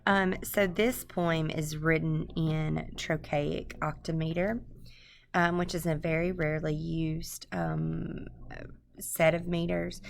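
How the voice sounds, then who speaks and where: Woman presenter, screencast lesson, deep unhurried voice, halting explanations. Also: vocal fry, a little hiss or hum. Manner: halting, explanatory, many um fillers. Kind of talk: screencast lecture.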